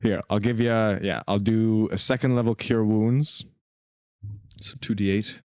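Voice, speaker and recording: A man playing a tabletop game who talks in a quick, animated way. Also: lowish voice, dry recording. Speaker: player. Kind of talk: casual game chat.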